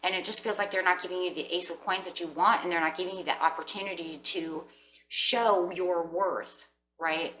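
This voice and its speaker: A chatty woman gives a rambling tarot reading, her voice bright and a little low-pitched. She sounds set back from the mic in an echoey room. A faint hum sits behind her. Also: fairly even intonation, moderate pace, distant mic. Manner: chatty, rambling, addresses viewers as guys. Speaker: tarot reader.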